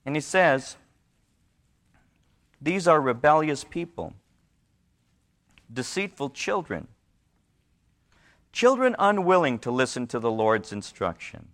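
A man preaching a sermon, telling stories in an animated way and sometimes dropping to quiet, low asides. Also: slow pace, pauses often. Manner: storytelling, animated, rising in pitch for emphasis. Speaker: pastor.

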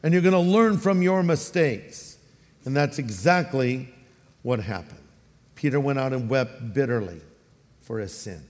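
A man with a Californian accent preaching a sermon as a pastor, animated and acting out the voices he quotes. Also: medium pitch, measured pace, big-room sound.

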